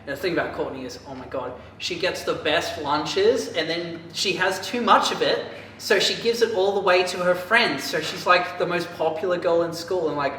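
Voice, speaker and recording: A man casually recapping a book for a podcast, rambling and animated, with lots of filler words. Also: on the high side, moderate pace. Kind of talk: casual chat. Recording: echoey room, distant mic, faint hiss.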